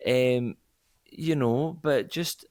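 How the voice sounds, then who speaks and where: A Scottish actor answering an interview question in a casual, rambling way, often correcting himself and laughing. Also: male voice, mid-range voice, extremely slow, darkish tone, dry recording, clean studio sound. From Scotland. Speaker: actor guest.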